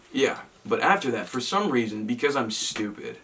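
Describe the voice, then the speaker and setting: A man's voice: medium pitch, wildly swooping pitch, slow pace, sharp tone, recorded from a distance, slight background noise. A young man from Massachusetts telling a story in casual chat, rambling and self-mocking, with many ums and restarts.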